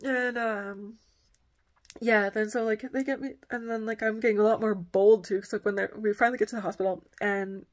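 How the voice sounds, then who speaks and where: A woman's voice: medium pitch, steady tone, brisk. A woman vlogger telling a personal story in a rambling, casual way, packing her sentences with "like". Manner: rambling, heavy use of filler "like".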